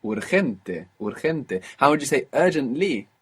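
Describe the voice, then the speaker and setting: A man's voice: medium pitch, sing-song, unhurried, slightly rough. A man teaching a language lesson, explaining patiently with frequent fillers.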